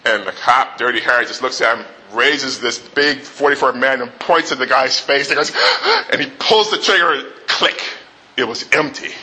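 A man retelling a movie scene in an animated way before making his point. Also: mid-range voice, normal speed, rough recording. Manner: animated retelling with restarts and acted quotes. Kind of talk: storytelling lead-in to a talk.

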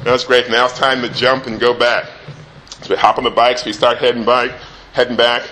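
Bright-voiced dad telling a story. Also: male voice, mid-range voice, a little fast, a little hiss or hum. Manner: animated, acts out the voices in his story. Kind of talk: personal anecdote.

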